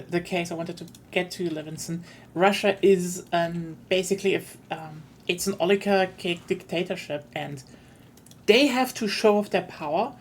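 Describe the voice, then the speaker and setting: A woman's voice: on the low side, a little hiss or hum. A woman streaming a strategy game, chatting casually and explaining at length as she thinks aloud. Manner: explanatory, thinks aloud in long winding turns.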